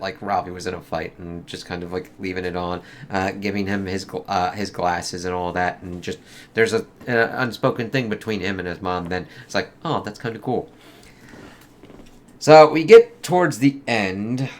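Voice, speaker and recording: A man's voice: on the low side, a bit bright. A man giving a casual, rambling movie review, swearing freely and acting out quotes in a raised voice.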